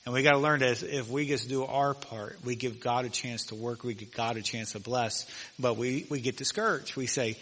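Bright-voiced preaching man in a hall. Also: medium pitch. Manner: emphatic preaching, slows down to read scripture. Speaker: pastor. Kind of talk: sermon. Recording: long reverb of a large hall.

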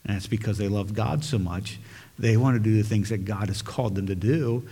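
A man's voice: lowish voice, brisk, warm tone, breathy edge. A male pastor preaching a sermon and leading prayer, earnest and emphatic, repeating phrases for stress. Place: church sanctuary. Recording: long hall reverb.

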